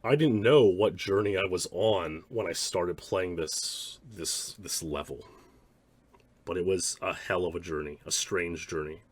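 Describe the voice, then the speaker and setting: Low, husky man in reflective commentary. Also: a little slow. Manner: rambling, many restarts and "like" fillers. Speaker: speedrunner reviewing his past streams.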